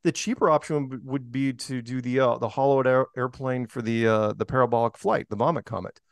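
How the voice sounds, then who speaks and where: A man's voice: mid-range voice, steady tone, brisk, no room sound, studio quality. A man talking as a podcast guest in a rambling way, full of fillers and restarts. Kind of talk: casual interview talk.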